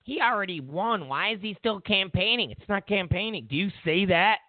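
A man's voice: sits high, animated, normal speed, dry recording. A man hosting a political talk show, ranting and mocking as he acts out quotes. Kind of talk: opinionated political commentary. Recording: tinny narrowband audio.

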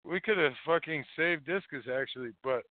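A man's voice: a little high, moderate pace, no echo. A man hosting a call-in show, rambling casually with profane, mocking jokes. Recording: phone-like dry lo-fi audio.

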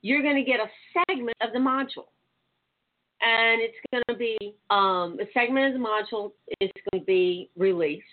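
A woman's voice: a little high, moderate pace. A woman with a Louisiana accent, chatting loosely as a guest on a call-in show, laughing easily. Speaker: guest, sex educator. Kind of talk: casual chat. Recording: tinny phone line.

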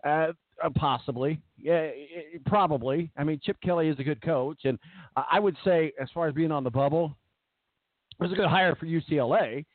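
A man's voice: on the high side, a little fast, no echo. A man co-hosting sports talk, loose and jokey, drifting into side stories as he talks. His voice comes through thin and tinny like a phone line, with a dry, close sound and no room around it. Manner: jokey, rambling, trails into asides. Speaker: sports talk show co-host. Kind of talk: casual sports radio banter.

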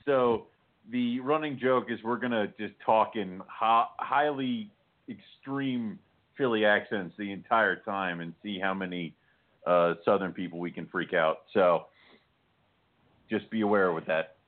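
A man with a fairly low voice chats casually as co-host, quick to joke and laugh. His voice comes through a thin, tinny phone-like line. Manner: joking, laughs often. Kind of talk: casual chat.

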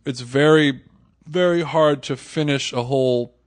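A man's voice: medium pitch, measured pace, no echo. Laid-back man telling rambling stories. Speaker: podcast co-host. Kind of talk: casual chat.

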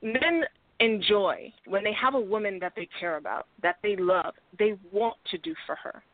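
A woman's voice: medium pitch, moderate pace, no room sound. Confident woman lecturing like a coach, tinny phone-line sound, dry. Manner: confident, instructive, lecturing women on men. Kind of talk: casual podcast chat.

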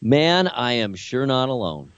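A man's voice: mid-range voice, sing-song, measured pace, clean tone, dry recording, lo-fi sound. An older man, a grandfather, co-hosting a radio talk show, speaking earnestly and reflectively about a family loss. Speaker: co-host.

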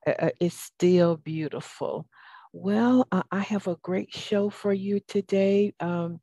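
Middle-aged Southern US woman, talk radio host, unhurried and folksy, mellow lowish voice, dry close sound. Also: no room sound. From Atlanta, US. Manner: folksy and encouraging, drawls some words out. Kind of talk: upbeat talk radio hosting.

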